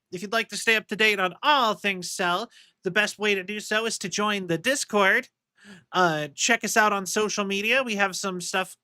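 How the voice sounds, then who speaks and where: A man's voice: high voice, bright, forceful tone, clean tone, dry recording. A man streaming a video game, chatting casually, rambling and self-deprecating. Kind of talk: casual gameplay commentary.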